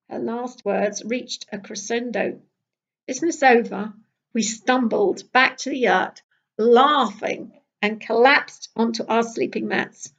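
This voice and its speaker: An older woman from Britain reading her travel memoir aloud in a lively, wry storytelling manner. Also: fairly high pitch, slow, highs cut off.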